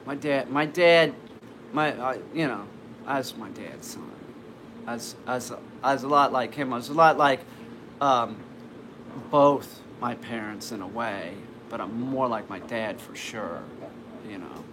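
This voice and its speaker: A man's voice: mid-range voice, a little slow, fairly bright tone. A man casually telling a personal story, rambling with lots of restarts and fillers. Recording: noisy background ambience.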